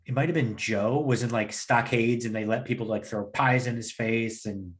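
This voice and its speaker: A man co-hosting a casual podcast chat in a relaxed, agreeable way, swearing now and then. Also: mid-range voice, moderate pace. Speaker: podcast co-host.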